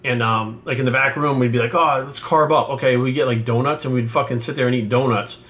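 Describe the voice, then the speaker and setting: A man in his forties talks to the camera like a coach recalling a mentor. His storytelling is loose and rambling, salted with swearing, and earnest underneath. His pitch sits in the ordinary middle range for a man. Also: steady tone, fast talker, a bit bright. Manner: profane, rambling, heartfelt. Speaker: bodybuilding coach.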